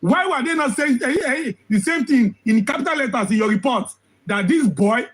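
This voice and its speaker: A man giving impassioned commentary, hoarse from losing his voice, firing off rhetorical questions and repeating phrases for emphasis. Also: very high voice, lively intonation, normal speed, fairly bright tone, poor audio. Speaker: social commentator.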